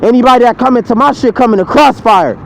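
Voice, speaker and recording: A man with a high voice delivers a fiery, repetitive sermon in the open air beside a street. He swears freely and drives each point home by saying it over and over. A faint hum of traffic runs underneath. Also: fast, vocal fry, low-quality recording. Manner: heated, repetitive, profane preaching. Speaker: street preacher. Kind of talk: impassioned outdoor sermon.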